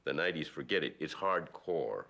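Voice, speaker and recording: Man, very low gravelly voice, lively emphatic commentary. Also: normal speed, very noisy. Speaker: interviewee, commentator. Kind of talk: documentary interview.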